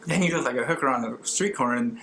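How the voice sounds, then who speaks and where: A man's voice: mid-range voice, rapid-fire, gravelly, a bit bright, slight background noise. A man from Texas with a Texan accent, co-hosting a podcast in a giggly, campy, rambling casual chat. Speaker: podcast co-host.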